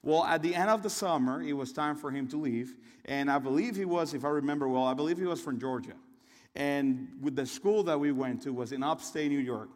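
A fairly high-voiced young man preaches a sermon, telling a story in a chatty, rambling way. His voice rings out with the long reverb of a big hall. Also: fairly quick. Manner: conversational and storytelling, with restarts and asides.

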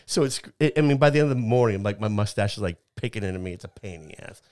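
A man in his fifties with a lowish voice tells a personal story in casual chat. He rambles, restarts his sentences and laughs at himself. The sound is dry and close to the mic. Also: animated, very fast, darkish tone, no echo. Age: 50s.

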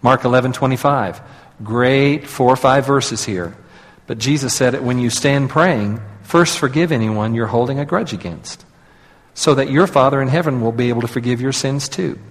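A man's voice: mid-range voice, normal speed. Pastor man preaching in a reverberant hall. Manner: conversational, leads audience in call-and-response. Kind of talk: sermon.

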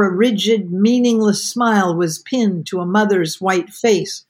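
Woman host, husky voice, expressive novel reading, casual asides. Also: mid-range voice. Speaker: podcast host. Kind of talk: reading aloud from a novel with commentary.

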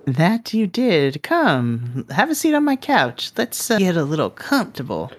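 A sultry, flirtatious nightclub woman, as a man puts her on in a tabletop role-play. She coos pet names like a seasoned charmer, her voice lifting high at times. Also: wildly swooping pitch, a little slow, slightly rough, heavily acted. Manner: sultry, affectionate, calls others darling and love.

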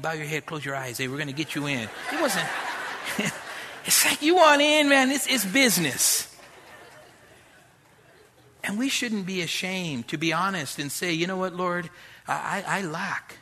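Husky, bright-voiced pastor preaching. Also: male voice, a little high. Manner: street slang, conversational and direct. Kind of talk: sermon.

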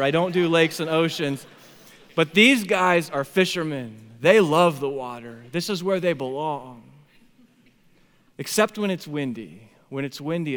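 A man preaching a sermon as pastor, telling stories with big swings between loud excitement and hushed, quiet moments. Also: fairly high pitch, clear, resonant tone. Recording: long hall reverb.

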